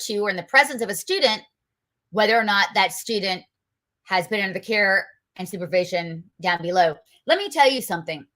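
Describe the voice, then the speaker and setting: A woman hosts a political commentary show, talking in an emphatic, combative way. She keeps throwing rhetorical questions at her listeners. Her voice is bright and sharp, sitting at an ordinary pitch for a woman. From North Carolina, US.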